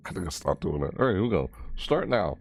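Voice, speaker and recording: A gaming video creator talks very fast and with lots of energy, his creaky voice sinking into a low mumble. He rambles casually through an overview of a game and his reaction to it, restarting phrases whenever he corrects himself.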